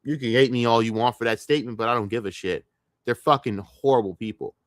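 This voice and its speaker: A man's voice: mid-range voice, fast, no room sound, clean studio sound. A man ranting angrily as a streamer reacting to clips, profane and emphatic. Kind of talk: heated commentary rant.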